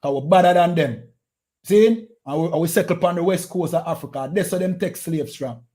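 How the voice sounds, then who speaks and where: A Jamaican man preaching with fierce, confrontational energy, hammering his points through repetition. His voice sits high for a man, yet the tone stays dark and mellow. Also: brisk. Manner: forceful, confrontational, repeats phrases. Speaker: street preacher. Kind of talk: heated street preaching.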